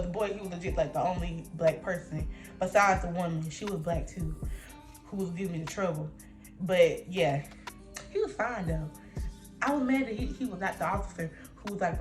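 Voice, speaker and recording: A young woman telling a storytime vlog in casual slang, acting out voices with big jumps in pitch. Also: brisk, soft background music. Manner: animated storytelling, acting out her own and others' lines with big pitch jumps. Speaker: vlogger.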